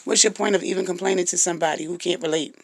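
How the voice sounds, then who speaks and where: Gravel-voiced woman with a husky morning voice. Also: fairly low pitch, fairly even intonation, racing, no room sound. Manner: stumbles over words now and then; frank and direct. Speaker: vlogger giving relationship advice. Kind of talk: casual advice talk to viewers.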